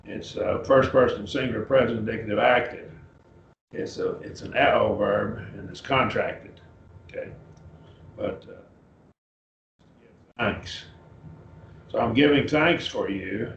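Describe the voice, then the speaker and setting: A man leads a Bible class, working through Greek words in a relaxed, halting way and calling on his students one by one. His voice is recorded in a reverberant room, and the sound is muffled and lo-fi. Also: lowish voice, creaky, a little hiss or hum. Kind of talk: Bible class lesson, Greek word study. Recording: roomy, dull lo-fi class recording.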